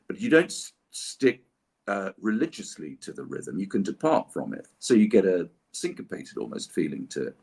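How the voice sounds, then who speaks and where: A man with a husky, somewhat low voice chats casually during a livestreamed signing. He talks in a playful, theatrical way and likes to explain things at length. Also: huge pitch swings, moderate pace, a little mellow. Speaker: voice actor signing autographs on a livestream. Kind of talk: casual chat while signing. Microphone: livestream setup.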